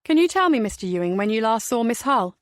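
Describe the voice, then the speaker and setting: A woman voicing a brisk, probing female police inspector asking pointed questions, recorded dry and close. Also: fairly high pitch, big pitch swings, smooth, no room sound. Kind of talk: audiobook character voicing.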